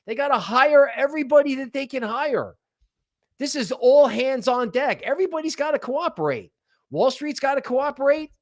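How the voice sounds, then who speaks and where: A man hosting a crypto livestream, talking in an animated, emphatic way, firing off rhetorical questions and tagging lines with "right?". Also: extremely high pitch. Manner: rapid-fire rhetorical questions. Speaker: crypto channel host. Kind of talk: livestream commentary.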